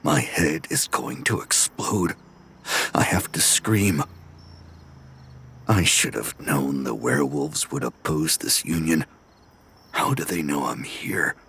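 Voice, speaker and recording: An actor playing an obsessive, murderous young man who narrates his own thoughts in an audio drama, in a hushed, menacing and unhinged way. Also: a bass voice, expressive, takes it slowly, creaky, long pauses, slightly rough, exaggerated voice. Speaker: narrating character. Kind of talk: first-person audio drama monologue.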